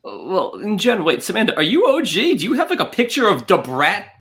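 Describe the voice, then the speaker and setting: A man co-hosting a podcast in casual chat, teasing his co-host with wry, deadpan asides. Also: high voice, fast.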